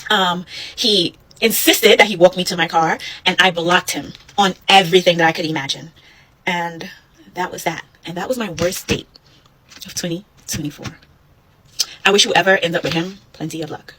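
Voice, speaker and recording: A woman casually telling a story with animated, fast delivery and acted dialogue. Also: fairly low pitch, slightly rough, poor audio.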